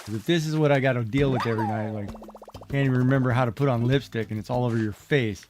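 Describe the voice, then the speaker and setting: A man's voice: medium pitch, fast talker, noisy background. A middle-aged man streaming a game, chatting casually in a rambling, exclamatory way and talking back to the characters on screen. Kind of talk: casual chat while playing.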